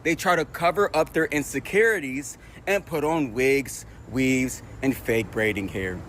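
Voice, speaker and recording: A man's voice: mid-range voice, unhurried, a bit bright, a little hiss or hum. A man explaining something to the camera outdoors in a matter-of-fact way.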